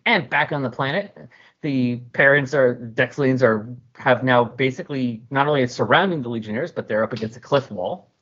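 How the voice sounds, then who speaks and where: A man casually recapping a comic story with jokey, animated storytelling. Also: medium pitch, moderate pace, husky. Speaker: podcast host. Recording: dull lo-fi recording.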